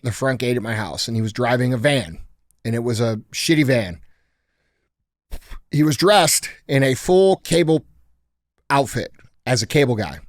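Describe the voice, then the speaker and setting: A man hosting a podcast, telling a story in a blunt, profane, casual way. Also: medium pitch. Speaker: podcast host. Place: podcast studio.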